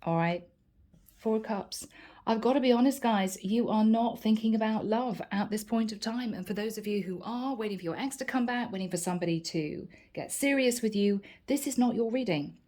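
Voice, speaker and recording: A woman's voice: a little high, brisk, dark tone. A woman giving a chatty channeled tarot reading, reassuring her viewers and acting out their little everyday grumbles. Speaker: tarot reader.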